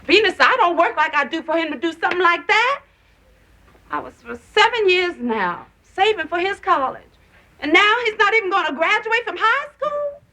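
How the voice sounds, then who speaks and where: A woman's voice: very high voice, very animated, moderate pace, vocal fry, hardly any pauses, pushed and bright, full character voice. An actress playing a middle-aged working mother who worries over her teenage son and talks in a fretful, confiding way.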